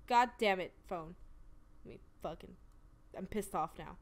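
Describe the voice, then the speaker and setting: A woman commenting on her gameplay, profane and excitable, with loud exclamatory reactions. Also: lowish voice, measured pace. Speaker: let's play gamer.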